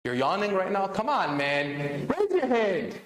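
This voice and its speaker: A man's voice: high voice, big pitch swings, measured pace, slight background noise. A man giving an interactive sermon at a religious celebration, calling on the audience with repeated questions. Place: large hall of an Islamic center. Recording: echoey hall.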